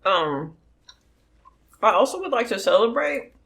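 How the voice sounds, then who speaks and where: A young Californian woman, a mukbang vlogger, chats casually with viewers while eating on camera, speaking bluntly and emphatically between bites. Her voice sits high and sing-song, with vocal fry, a bit of brightness, and a measured pace.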